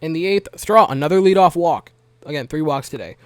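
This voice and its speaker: A young man with a slightly higher voice runs through a baseball game in a relaxed, chatty way. He wanders into joking asides and leans on "uh" and "like" as he goes. The sound is close and dry, with no room around it. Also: brisk, no room sound. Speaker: baseball recap vlogger. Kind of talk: casual game recap.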